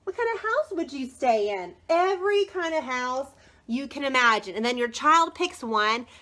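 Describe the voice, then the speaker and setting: Woman, 30s, live-video book seller. High, very animated, gushing, chats with viewers by name. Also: moderate pace. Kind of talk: chatty live product showcase.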